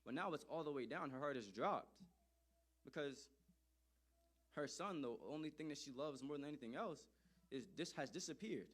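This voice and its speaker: A man in the middle of a storytelling address, speaking at an ordinary, mid-range pitch. He talks with animated emphasis and circles back over his own phrases to drive each point home. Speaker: speaker telling a personal story.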